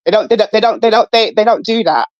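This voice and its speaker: A woman's voice: medium pitch, a little mellow, dry recording, highs cut off. A woman caller on a live podcast panel, arguing her side with many restarts and repeated words. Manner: halting, repeats words, pushes back. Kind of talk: heated live panel debate.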